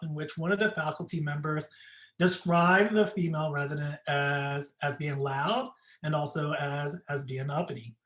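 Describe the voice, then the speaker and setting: Physician, mid pitch, measured and halting recap over a video call, roomy echo. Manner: measured, hesitant, many "um" fillers. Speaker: physician presenting a group recap. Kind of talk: casual workshop presentation.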